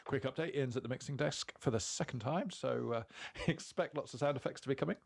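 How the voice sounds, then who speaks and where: A man's voice: medium pitch, brisk, creaky, slight background noise. A man from Hampshire in England hosting a casual podcast chat, rambling with fillers and laughing often. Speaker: podcast host.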